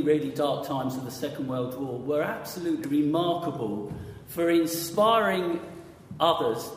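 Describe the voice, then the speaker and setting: A man's voice: medium pitch, slight background noise. A man preaching a conversational sermon, often quizzing his audience with questions. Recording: echoey hall with long reverb.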